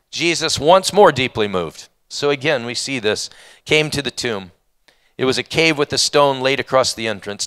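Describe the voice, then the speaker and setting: A man preaching a conversational sermon, reading scripture passages and adding animated, wondering asides. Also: mid-range voice, smooth. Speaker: pastor.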